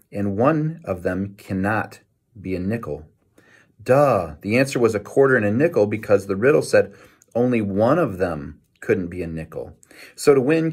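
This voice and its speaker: Man reading a children's novel aloud. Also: lowish voice. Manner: lively storytelling with small self-corrections. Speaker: reader.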